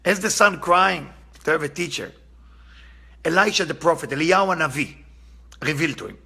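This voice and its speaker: Gravelly, husky man teaching Kabbalah. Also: on the high side, normal speed, bright, forceful tone. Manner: earnest, impassioned, repeats for emphasis. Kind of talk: spiritual lesson with storytelling.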